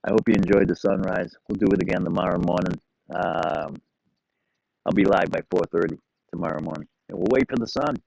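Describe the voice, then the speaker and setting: A man's voice: deep voice, a little fast, creaky, darkish tone, a little hiss or hum, low-quality recording. A middle-aged man hosting a live stream, chatting casually and rambling in an easygoing way to his viewers. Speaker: livestream host.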